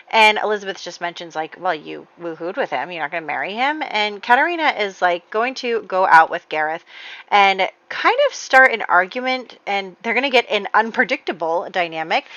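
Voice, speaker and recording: A woman with a lowish, bright, forceful voice chats casually over gameplay, retelling the drama of her life-simulation game with lots of fillers and laughing at her own story. The recording is lo-fi with no echo.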